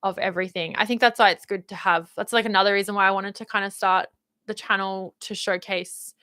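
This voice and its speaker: A woman's voice: medium pitch, fairly even intonation, a little fast, sharp tone, clean tone, dry recording, studio quality. A young Australian woman with a slight Valley Girl lilt, chatting casually and rambling with lots of fillers as she reads out her live chat. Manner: upbeat, rambling, uses many fillers like "like" and "um". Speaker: YouTube host reading live chat.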